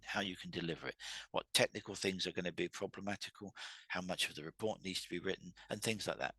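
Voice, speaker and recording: A man's voice: deep voice, fast, vocal fry, sharp tone, breathy edge, dry recording. A man hosting a solo talk on workplace communication, conversational and full of restarts, acting out quoted arguments with raised voices. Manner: acts out quoted dialogue with raised, heated voices. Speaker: host.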